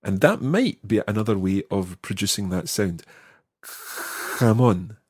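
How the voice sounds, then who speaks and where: A man hosting an audio language lesson, patiently explaining and slowing down to model each word. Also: lowish voice, sing-song, darkish tone, slightly rough, no echo, studio quality. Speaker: language teacher, podcast host.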